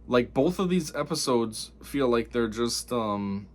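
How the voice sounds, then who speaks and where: A man's voice: medium pitch, animated, unhurried. A man giving a casual spoken review of a TV episode, rambling and exasperated, with lots of fillers.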